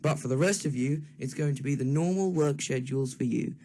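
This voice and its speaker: A man's voice: mid-range voice, brisk, mellow, lightly acted. A young man voicing a friendly railway boss in a hammy amateur storybook reading, with music behind him. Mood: cheery.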